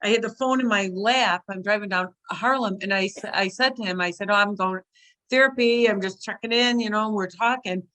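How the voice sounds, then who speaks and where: A woman on a casual talk show, telling a story of her own and acting out what she said at the time. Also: brisk. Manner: animated, acts out her own past lines in a shrill cry.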